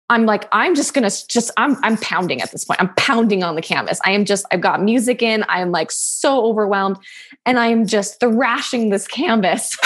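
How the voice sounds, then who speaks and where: At a medium pitch, the young woman carries on with her personal story in a relaxed conversational setting. She stays candid and lively, cursing casually and breaking into laughter often.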